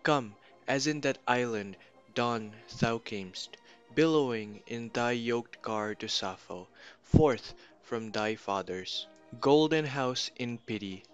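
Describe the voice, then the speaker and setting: Slow, solemn man reciting poetry. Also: medium pitch, clear, resonant tone, faint music behind. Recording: dull lo-fi recording.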